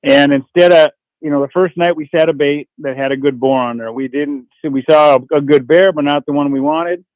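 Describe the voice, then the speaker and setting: A man's voice: on the high side, steady tone, fairly quick, darkish tone, dry recording, dull audio. A man, a guest from an outdoor adventure TV show, telling hunting stories in a folksy, rambling way on a radio call-in. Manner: rambling, folksy, restarts sentences. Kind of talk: casual radio interview storytelling.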